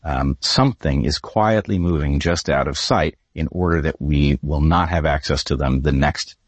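A man speaking as an interview guest, laying out an argument in a deliberate, grave, emphatic way. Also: extremely low pitch, breathy edge, no room sound. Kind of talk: measured spoken argument.

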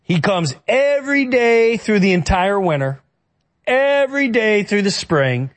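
Middle-aged guy from new york area, kinda high voice, telling an emotional story, keeps restarting his sentences. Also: big pitch swings. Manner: earnest, emotional, halting with many restarts. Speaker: guest. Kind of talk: personal storytelling in a conversation.

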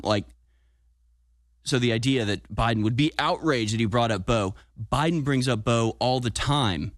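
A man's voice: medium pitch, normal speed, no room sound, studio quality. A man hosting political talk radio with combative, sarcastic commentary. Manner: combative, sarcastic, self-congratulating. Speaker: talk show host.

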